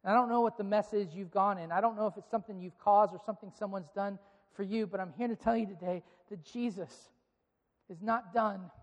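A man's voice: high-pitched, a little fast, highs cut off. A man preaching a sermon to a live congregation, playfully coaxing them to clap and repeat phrases back. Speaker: pastor. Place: large church auditorium with a live congregation. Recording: long reverb of a large hall.

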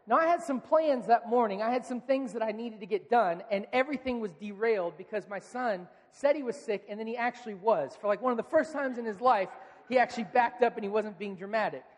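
A male pastor in his thirties preaching a sermon in a relaxed, conversational storytelling manner, acting out quoted lines. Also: high voice, fairly quick, big-room sound.

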